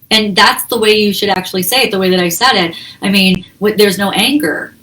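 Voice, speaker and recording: A woman's voice: medium pitch, fairly quick, few pauses, sharp tone, rough recording. A woman hosting a self-help talk, explaining in a casual, conversational way with frequent laughs and quoted examples. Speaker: self-help channel host.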